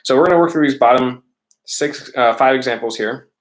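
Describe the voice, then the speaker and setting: A man's voice: medium pitch, fairly quick. A male teacher explaining worksheet examples step by step in a casual online class, often checking in with "right?". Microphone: laptop or webcam mic.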